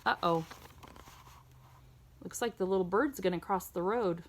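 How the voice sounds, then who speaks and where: A woman reading a children's picture book aloud in a sing-song storytime voice, pausing to ask the listener questions. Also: on the low side, a little hiss or hum.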